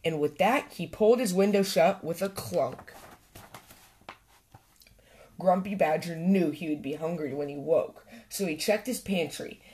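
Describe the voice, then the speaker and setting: A woman hosting a storytime channel, reading a children's picture book aloud with gentle expression. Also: fairly low pitch, measured pace. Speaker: storytime host and reader.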